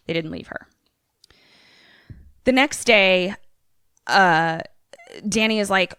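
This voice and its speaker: A woman's voice: mid-range voice, takes it slowly, long pauses, clean tone, dry recording, clean studio sound. A young adult woman, a podcast co-host, casually recapping a film and acting out the characters' lines. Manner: animated storyteller, acts out characters' lines.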